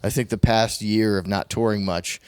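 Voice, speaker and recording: A man's voice: lowish voice, fairly even intonation, normal speed, a little mellow, clean tone, no room sound. A man co-hosting a casual podcast chat, laughing often and rambling with restarts and fillers. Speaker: podcast co-host.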